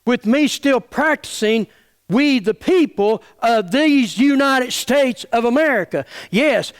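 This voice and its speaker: A middle-aged pastor, preaching an angry, folksy sermon full of stammered restarts. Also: male voice, very high voice, animated, slow, smooth. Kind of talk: fiery sermon.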